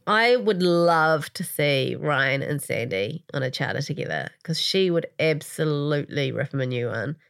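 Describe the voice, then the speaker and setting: A woman co-hosting a casual recap chat, joking and rambling through animated tangents. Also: deep voice, moderate pace, gravelly, few pauses. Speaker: podcast co-host.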